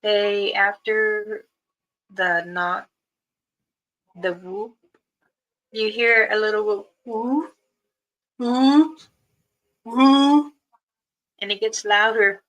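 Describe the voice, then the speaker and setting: A woman, a spiritual elder, telling a story in casual spoken style, unhurried, pausing and restarting. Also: medium pitch, animated, bright, forceful tone, poor audio.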